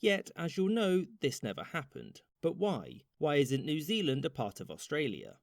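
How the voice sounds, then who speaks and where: A man narrating a short animated history explainer with wry, brisk timing. His pitch swings widely through each sentence. The sound is close and dry, with no room around it. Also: gravelly, dry recording. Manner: wry, brisk, lively intonation. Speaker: documentary narrator. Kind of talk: scripted narration.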